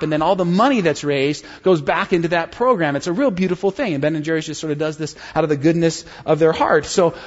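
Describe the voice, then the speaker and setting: A man preaching a sermon as a pastor, telling stories in a conversational way and calling his listeners friends. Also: sits high. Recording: long hall reverb, slightly dull sound.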